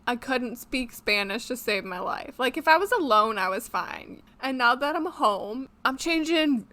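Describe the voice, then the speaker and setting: A young woman co-hosting a podcast in a casual chat, playful and quick to laugh. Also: fairly high pitch, lively intonation, pushed and bright. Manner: chatty, laughs often, playful. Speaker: podcast co-host.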